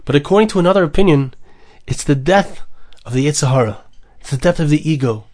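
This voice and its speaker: A man's voice: on the high side, expressive, fast, a little mellow. A man giving a Torah lecture, mixing in Hebrew and Aramaic phrases and repeating words for emphasis. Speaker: rabbi teaching Torah.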